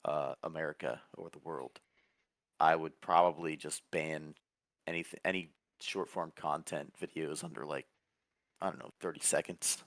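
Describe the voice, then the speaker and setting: A man's voice: rumbling low, steady tone, normal speed, fairly bright tone, no room sound. A man co-hosting a casual political stream, making dry, laid-back remarks. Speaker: co-host. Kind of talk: casual chat.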